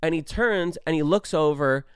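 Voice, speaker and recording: A young man in his twenties telling a story in a casual, animated way, swearing often and stressing his words. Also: a little high, moderate pace, smooth, dry recording, clean studio sound. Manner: animated, profane, emphatic storytelling.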